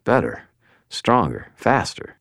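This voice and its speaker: A man's voice: on the low side, sing-song, slow pace, a bit bright, no room sound, clean studio sound, pitched above the performer's own voice, heavily acted. A man voicing a wry, blunt young male wizard who presses his questions sardonically. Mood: wry, pressing.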